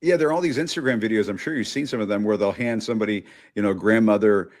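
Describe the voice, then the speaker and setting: A man's voice: fairly low pitch, quick pace, over a noisy crowd. A man hosting a talk show, interviewing a guest in a casual, joking way.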